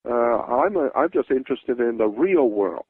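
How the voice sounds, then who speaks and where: Gravelly man on a tinny radio line. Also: medium pitch, lively intonation, moderate pace, no room sound. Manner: insistent, sweeping claims. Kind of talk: radio talk show conversation.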